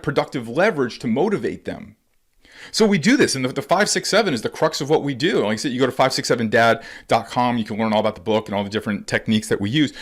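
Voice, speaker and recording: A man giving a conversational instructional talk to parents as a baseball coach and educator, acting out quotes as he goes. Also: on the high side. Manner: animated, conversational, acts out quotes.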